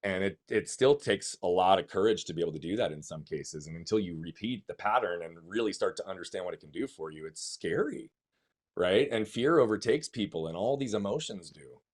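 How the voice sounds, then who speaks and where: A man's voice: low voice, expressive, a little fast. Emphatic man telling his story. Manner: emphatic, swears, rhetorical questions. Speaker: guest. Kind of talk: conversational storytelling.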